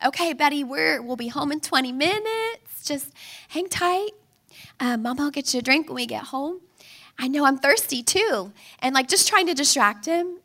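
High-voiced woman preaching with animated stories. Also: moderate pace. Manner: animated storytelling, acting out a child and her own pleading. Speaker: speaker. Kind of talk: sermon.

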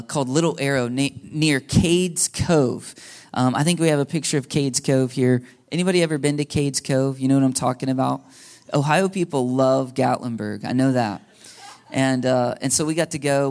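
A man's voice: mid-range voice, darkish tone. A man, a pastor in his thirties, telling a casual personal story during a sermon and asking the congregation questions. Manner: casual, chatty, asks the audience questions. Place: church hall before a congregation.

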